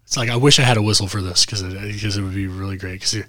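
A man's voice: lowish voice, fast talker, very noisy. A man co-hosting a podcast, telling a funny story in casual, profane chat and acting out the people in it. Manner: animated, profane, acts out quoted voices. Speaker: podcast co-host.

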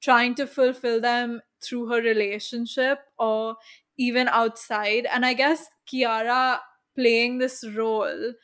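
A young woman co-hosting a casual chat, speaking in a thoughtful, measured way with soft fillers. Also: a little high, level tone, clean tone. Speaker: podcast co-host.

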